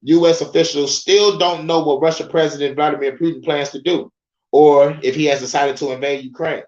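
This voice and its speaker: A man's voice: on the high side, steady tone, brisk, darkish tone, reverberant, muffled recording. A young man hosting a podcast, reading news aloud in a casual, profane way, often breaking off to joke and laugh and stumbling over names. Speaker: podcast host.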